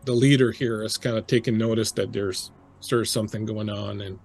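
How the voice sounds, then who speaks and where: A man's voice: fairly low pitch, fairly even intonation, fairly quick, creaky, darkish tone, slightly rough. A man narrating a tabletop role-playing game as game master, loose and rambling with fillers.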